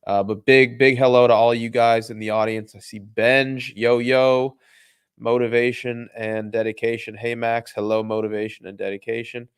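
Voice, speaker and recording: A man's voice: mid-range voice, little pitch movement, moderate pace, clear, resonant tone, no echo, studio quality. A man hosting a casual livestream about markets, upbeat and greeting viewers by name. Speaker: show host.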